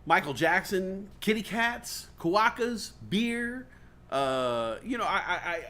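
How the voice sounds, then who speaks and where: A talk show host tells comic stories with big swings of pitch, jumping into other people's voices as he goes. His voice is bright and high, and he swears freely in a loose, casual chat. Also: slow pace. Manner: animated, swears freely, acts out quoted voices. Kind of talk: comedic storytelling chat. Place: studio or stream set.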